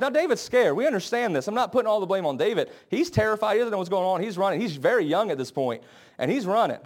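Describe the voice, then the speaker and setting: A man's voice: high voice, big pitch swings, fast. A young man preaching a sermon in an earnest, conversational way, acting out scenes with quoted voices. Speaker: pastor.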